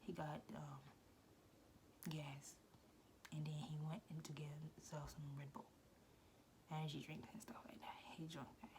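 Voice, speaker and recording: A young woman casually telling a personal story, animated and slangy, often dropping into soft breathy asides. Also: deep voice, normal speed, pauses often, noisy background.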